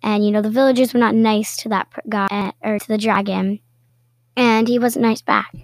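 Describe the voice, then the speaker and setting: A woman reading a children's picture book aloud with playful, expressive storytelling and little asides. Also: medium pitch, normal speed, no room sound. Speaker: storybook reader.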